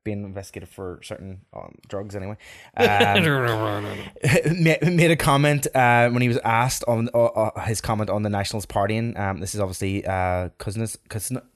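A man's voice: lowish voice, moderate pace. A man co-hosting a casual sports podcast, talking hesitantly. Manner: hesitant, many fillers and restarts. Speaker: podcast co-host.

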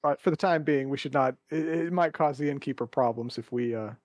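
A man playing a tabletop game, talking in a measured, thoughtful way. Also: medium pitch, a little mellow, dry recording. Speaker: player. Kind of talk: casual game chat.

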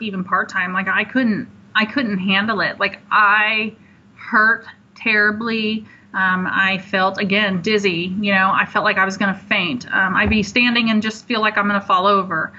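A woman in her thirties as an interview guest, telling her story in a heartfelt, halting way with many pauses. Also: mid-range voice, level tone, pushed and bright. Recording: dull lo-fi line.

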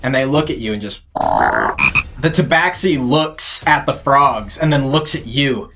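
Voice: mid-range voice, measured pace, gravelly, soft background music. Laughing game master narrating a tabletop game. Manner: laughing often, animated narration.

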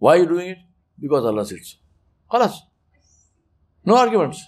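Animated man preaching emphatically. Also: fairly high pitch, a little fast, breathy edge. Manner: animated, emphatic, acts out quoted speech. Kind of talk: religious talk.

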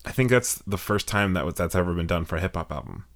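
Podcast co-host, man with a very deep voice; laid-back and jokey, sentences left hanging. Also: fast talker. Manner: relaxed, joking, trails off mid-sentence. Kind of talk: casual chat.

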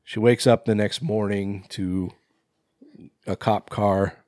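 A man's voice: on the low side, fairly even intonation, slow, a little mellow, no room sound, studio quality. A man co-hosting a podcast, recapping a horror film in loose casual chat, rambling with lots of fillers and swearing. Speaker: podcast co-host.

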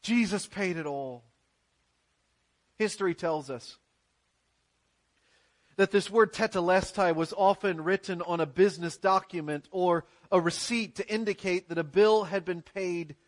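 A male pastor with a fairly high voice delivers an earnest church sermon at an unhurried pace. He leans on emphatic repetition and rhetorical questions.

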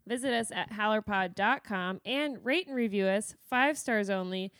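A woman's voice: mid-range voice, moderate pace, a bit bright, no echo, clean studio sound. A woman co-hosting a casual podcast, playful and laughing mid-sentence. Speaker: podcast co-host.

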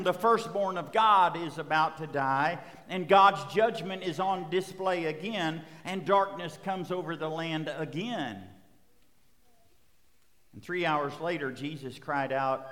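Male pastor, slightly high voice, sermon with rhythmic repetition, long hall reverb. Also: a bit bright. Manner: preaching with swells of emphasis and repetition.

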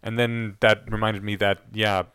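Measured, low-voiced podcast co-host. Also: male voice, flat delivery, fairly bright tone, smooth, dry recording, studio quality. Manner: measured, explains points plainly, agrees often. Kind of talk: casual discussion.

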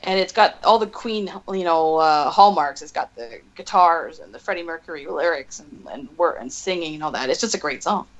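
A woman in casual film-podcast chat, briskly listing film titles. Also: low-pitched. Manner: lists titles briskly, chatty. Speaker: podcast co-host. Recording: dull lo-fi mic.

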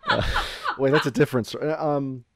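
Man, game master, hesitant, halting, mid-pitched, dry close sound. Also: wildly swooping pitch, no room sound. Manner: hesitant, lots of fillers and restarts. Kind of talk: casual tabletop game chat. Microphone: remote call mic.

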